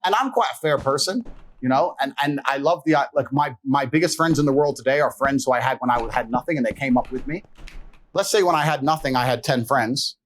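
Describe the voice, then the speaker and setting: A man's voice: medium pitch, fairly quick, slight background noise. A man guesting on a podcast interview, telling stories in a brash, swaggering way, swearing freely and laughing between his boasts. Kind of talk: casual storytelling in a podcast interview.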